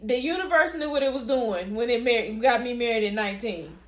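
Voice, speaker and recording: A woman in her forties trades stories in a blunt, profane, laughing way. Her voice sits high, and the room rings with echo. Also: fairly quick, fairly bright tone. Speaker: podcast co-host. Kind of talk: casual chat. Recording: echoey room.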